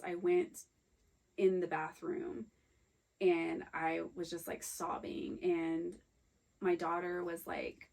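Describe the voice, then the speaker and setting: A woman co-hosting a podcast, candidly telling a personal story in a halting, emotional way. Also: lowish voice, gravelly, rough recording. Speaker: podcast co-host. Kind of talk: personal storytelling in casual chat.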